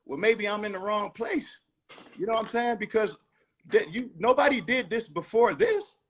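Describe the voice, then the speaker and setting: Blunt, emphatic man with a high voice. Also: expressive, normal speed, slight background noise. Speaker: rapper guest. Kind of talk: casual interview.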